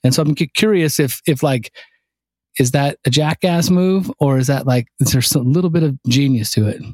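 A man's voice: mid-range voice, normal speed, no room sound. A man in casual podcast chat, a contracting business owner telling stories and acting out dialogue. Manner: animated storyteller, acts out dialogue.

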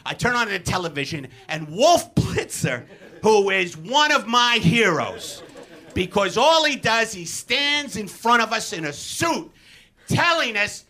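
A man from Brooklyn, ranting and often shouting profanely as a comedy guest on a live podcast stage. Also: very high voice, big pitch swings, measured pace. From Brooklyn, New York. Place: comedy theatre stage before an audience. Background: audience laughter.

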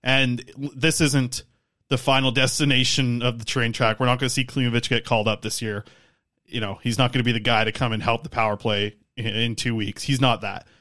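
A tired man co-hosting a casual sports podcast, rambling in animated hockey talk. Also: mid-range voice, a little fast. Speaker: podcast co-host.

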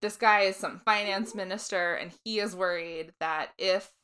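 Woman, podcast co-host, casual chat, bright tone, chatty, laughs a lot. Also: mid-range voice, fairly even intonation, smooth. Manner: chatty, quick asides, frequent laughter.

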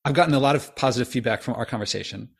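A man in his fifties hosts a podcast conversation, speaking very quickly in a mid-range voice. He talks casually and eagerly, often restarting his sentences. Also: medium pitch, creaky, husky. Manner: quick, animated, chatty with restarts. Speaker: podcast host.

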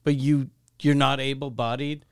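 A man's voice: medium pitch, little pitch movement, moderate pace, clean tone, dry recording. A man co-hosting a comedy podcast, telling a blunt, darkly humorous story and laughing between lines, close on the mic. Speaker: podcast co-host. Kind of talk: casual comedic chat.

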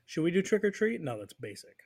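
A man's voice: high-pitched, very animated, fast, a little mellow, slightly rough. An American man hosting a podcast, chatting casually and teasing his co-host in playful banter. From United States. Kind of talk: casual chat.

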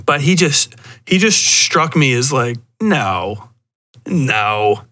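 A man's voice: a little high, measured pace, sharp tone, no room sound. A man hosting a podcast, ranting in a profane, rambling way with lots of restarts. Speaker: podcast host. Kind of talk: casual solo rant.

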